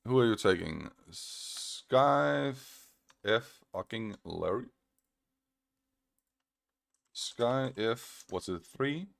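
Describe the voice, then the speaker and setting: A man talks through a commentary video as he answers a critic, mocking him with slow, repeated jabs. His voice is smooth and clean, and he takes his time. His tone stays sarcastic throughout. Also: mid-range voice, animated. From Australia. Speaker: online video creator responding to a critic. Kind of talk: casual screen-recorded commentary.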